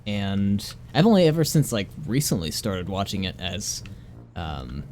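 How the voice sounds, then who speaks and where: A man's voice: lowish voice, sing-song, measured pace, darkish tone, slight background noise. A young adult man chatting casually as a streamer while he plays, rambling and laughing easily. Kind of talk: casual gameplay commentary.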